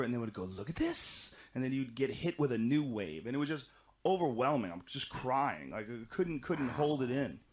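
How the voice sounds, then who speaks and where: A middle-aged man in casual podcast conversation, telling long, animated stories full of swearing and restarts. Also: medium pitch. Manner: animated, profane, rambling storytelling. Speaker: podcast guest recounting experiences.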